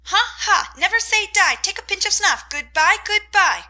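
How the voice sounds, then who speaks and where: A woman doing a shrill screeching parrot. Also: expressive, moderate pace, bright, forceful tone, exaggerated voice. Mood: squawking. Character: rude squawking male pet parrot.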